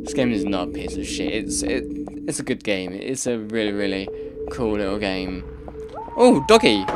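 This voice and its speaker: Brief: male let's-player, slow and chatty, mid-pitched, exclaims at every scare. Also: sing-song, music in the background. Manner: reactive, exclaiming and muttering to himself. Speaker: let's play gamer. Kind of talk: casual gameplay commentary.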